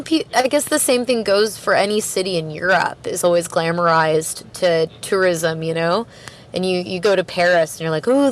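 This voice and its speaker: A chatty woman from Canada rambles through a casual interview, full of fillers and quick laughs. Her pitch sits at an ordinary middle height. A faint noise hums behind her voice. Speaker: podcast guest, record store worker.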